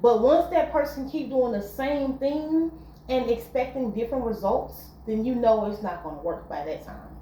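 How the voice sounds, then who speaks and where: A woman's voice: on the high side, normal speed, dark tone, reverberant, a little hiss or hum, low-quality recording. A woman giving relationship advice in a casual, earnest monologue, repeating her points. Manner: earnest, repetitive, conversational.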